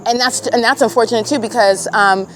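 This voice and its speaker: A woman's voice: on the high side, steady tone, fairly quick, fairly bright tone, slight background noise. A woman giving an impassioned religious monologue, emphatic and preachy, repeating phrases and firing rhetorical questions. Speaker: self-documenting vlogger.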